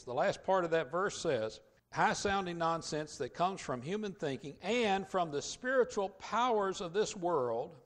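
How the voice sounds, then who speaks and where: A man preaching a sermon as pastor in a church, emphatic, dropping to quiet asides and rising to loud, stressed points. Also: fairly high pitch. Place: church sanctuary.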